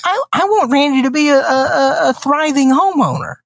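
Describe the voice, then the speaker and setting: A man's voice: very high voice, moderate pace, creaky, fairly bright tone. A man in his thirties co-hosting a podcast in casual chat, swearing freely, bragging in mock grandeur and laughing often. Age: 30s. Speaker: podcast co-host.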